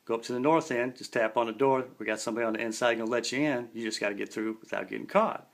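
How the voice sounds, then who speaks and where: A man's voice: mid-range voice, rapid-fire, vocal fry, close to an everyday voice. A man voicing a cocky young male gang ringleader, laid-back and slangy.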